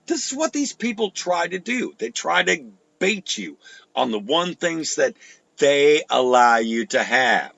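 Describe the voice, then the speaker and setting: A man's voice: on the high side, big pitch swings, unhurried, gravelly, fairly bright tone, no room sound, rough recording. A man hosting a live show, ranting with heat and sarcasm and plenty of swearing. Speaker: show host. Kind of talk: profane live political rant.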